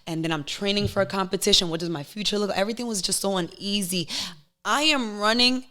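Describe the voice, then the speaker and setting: A young woman guest in a casual podcast chat, telling candid, emotional stories in an animated way. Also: mid-range voice, fast talker.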